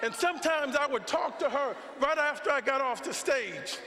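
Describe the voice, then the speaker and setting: A man speaking from a pulpit-style stage in a preaching rhythm that climbs into shouted lines. His voice sits very high and sounds bright and forceful. Long reverb from the hall trails each phrase. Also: lively intonation, normal speed, some chatter behind. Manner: preaching cadence, building to shouts. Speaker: speaker at a Saturday forum. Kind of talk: impassioned political speech. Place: large hall with a choir.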